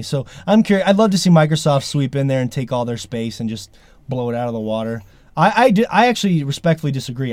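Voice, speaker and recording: Guy hosting a podcast, fed up and sweary, mid pitch, dry close sound. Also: darkish tone, no echo. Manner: emphatic, exasperated, sweary. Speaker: podcast host. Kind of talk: casual chat.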